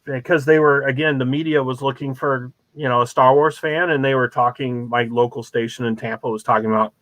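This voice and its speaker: A man as a guest on a show, telling rambling, animated stories full of ums and uhs. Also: mid-range voice, a little fast, no room sound. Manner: rambling, many fillers, animated storytelling. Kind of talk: casual chat, anecdotes.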